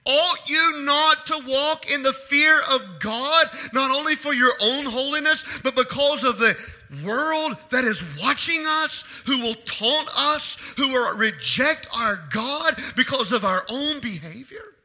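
A pastor delivering an impassioned sermon in a strikingly high voice. He swings from forceful, near-shouted appeals to his congregation to hushed, earnest asides. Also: a little slow. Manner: impassioned preaching, rising to shouts then dropping low.

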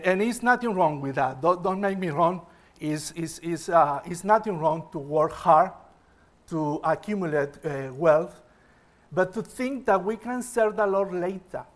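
A male preacher with a high voice delivers a sermon in halting phrases. He often restarts and repeats words as he builds his point. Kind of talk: sermon with an illustrative story.

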